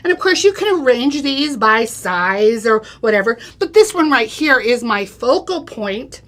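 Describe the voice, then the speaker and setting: A woman's voice: a little high, big pitch swings, measured pace, a bit bright. A middle-aged woman giving a chatty, step-by-step craft demonstration on a live show, checking in with "okay?" and "right?". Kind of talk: live craft product demo.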